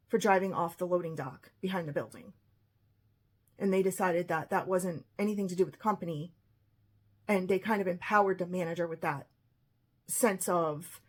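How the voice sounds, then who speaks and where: Husky woman telling her own story, gets heated quoting people. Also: lowish voice, darkish tone. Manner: emotional, quoting others in retelling. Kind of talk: personal storytelling monologue.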